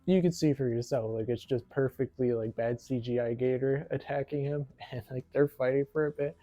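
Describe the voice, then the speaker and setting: Laughing, rambling man with a mellow voice. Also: mid-range voice, normal speed, no room sound, muffled recording. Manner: giggly, rambling, says "like" a lot. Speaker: movie reviewer. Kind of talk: casual movie recap.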